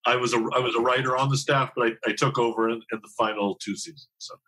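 In a candid, conversational podcast interview, a fifty-something TV writer rambles with many restarts and self-deprecating remarks. His medium-pitched voice is steady, fast, bright and forceful, captured in a low-quality recording.

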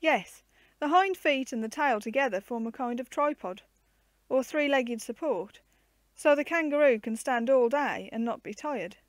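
A woman reading the part of a patient, gently teasing uncle who explains zoo animals to children in a storybook. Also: very high voice, moderate pace, no echo.

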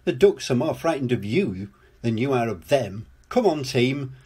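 An older man voicing a kind, patient adult woman builder in a children's storybook, explaining things gently. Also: medium pitch, very animated, moderate pace, breathy edge.

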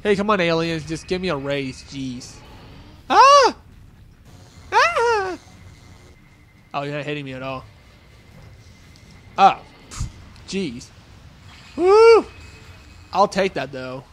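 Talking fast with barely a pause, a young let's-play gamer jokes his way through a video game in a somewhat high, fairly bright voice. Hits draw grunts and yelps from him, and he wisecracks back at the enemies.

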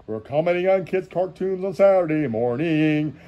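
A man's voice: a little high, expressive, normal speed, few pauses, mellow. A man joking his way through kids' cartoons, switching channels, humming theme tunes and breaking into bits of song. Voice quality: playful, jokey, breaks into sung bits and theme hums. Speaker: cartoon commentator. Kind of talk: joking channel-surfing commentary with snatches of song.

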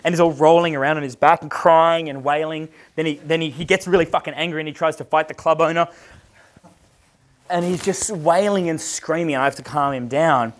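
A man's voice: on the high side, a little fast. A man in his thirties with an Australian accent, a dating coach telling a long casual story, swearing constantly and acting out the voices of the people in it. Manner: profane, animated, acts out quoted voices.

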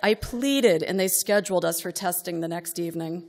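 A woman's voice: lowish voice, normal speed. A middle-aged woman reading a comic personal story aloud to a live audience, wry and exasperated, building to outbursts.

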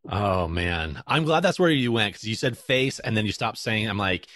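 A man co-hosting a dental hygiene podcast, quick and teasing in casual banter. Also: lowish voice, animated, fairly bright tone, dry recording, studio quality. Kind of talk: casual chat.

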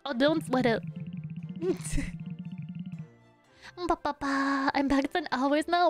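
A woman's voice: high-pitched, slow pace, long pauses, faint music behind. A young woman streaming a game, chatting playfully with her viewers and humming little tunes between lines. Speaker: VTuber streamer. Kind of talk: casual gameplay commentary.

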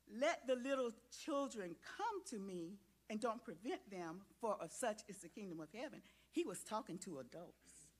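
A woman giving a children's sermon in a church, coaxing and interactive as she asks the kids questions and gets them to join in. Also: mid-range voice. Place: church sanctuary.

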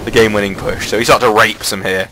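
A man giving casual, excitable commentary over a replay of his own online match, swearing freely and jumping up in pitch at the big plays. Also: quick pace, noisy background.

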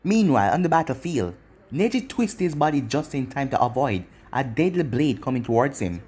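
A man's voice: medium pitch, big pitch swings, fairly quick, a little mellow, slightly rough. A man narrating a fan fiction story aloud in a plain storybook reading.

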